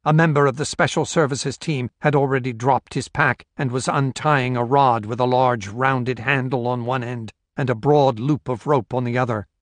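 A man reading a novel aloud in a steady, measured storytelling voice. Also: medium pitch, no echo. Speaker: audiobook narrator. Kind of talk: scripted narration.

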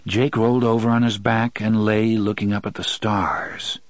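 A man reading a novel aloud in steady, measured storytelling narration. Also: on the low side, no room sound. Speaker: audiobook narrator. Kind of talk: scripted narration.

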